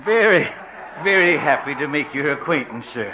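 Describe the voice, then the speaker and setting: A man's voice: on the high side, expressive, normal speed, background noise, natural voice. An actor playing an overly polite, genteel retired male safecracker in a 1940s radio comedy, with a prim, courtly manner. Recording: dull old radio recording.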